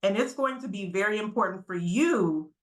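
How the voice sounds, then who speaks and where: A woman giving an energetic, interactive conference talk to students over a video call, often checking in with "right?". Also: medium pitch, moderate pace, reverberant, low-quality recording. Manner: energetic, quizzes the audience, frequent "right?" tags. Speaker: motivational speaker.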